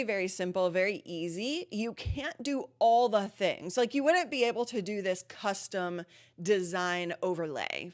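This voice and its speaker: A woman hosting a live streaming Q&A from her home studio, chatting casually with lots of ums and laughs, a bit out of breath. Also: medium pitch. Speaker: live streaming channel host.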